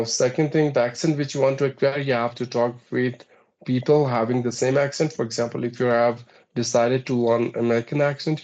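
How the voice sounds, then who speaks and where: A man with an Indian English accent gives measured, step-by-step advice in an English practice conversation. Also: medium pitch, darkish tone, dull audio. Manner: measured, advisory, counts points off one by one.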